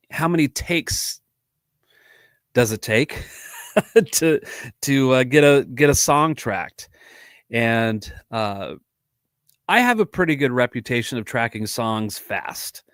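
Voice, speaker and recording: A man's voice: mid-range voice, fairly bright tone, no room sound, clean studio sound. A man hosting a casual live podcast, rambling with lots of fillers and frequent chuckles. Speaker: podcast host and drummer.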